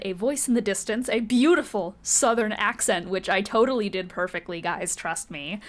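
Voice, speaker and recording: A woman's voice: a little high, a bit bright. A woman running a tabletop game as game master, moving from a casual, giggly recap full of swearing into descriptive narration.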